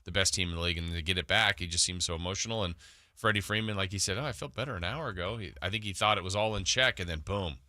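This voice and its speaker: Male radio co-host, very deep and dark, quick agreeable banter, dry close mic. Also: steady tone, no echo. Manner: quick, agreeable back-and-forth. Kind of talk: sports talk radio banter.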